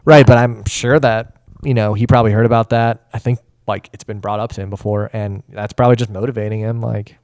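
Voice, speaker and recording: Relaxed smooth-voiced young man chatting. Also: lowish voice, brisk, hardly any pauses, dry recording, clean studio sound. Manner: laid-back, lots of fillers and laughs. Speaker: podcast co-host. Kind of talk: casual chat.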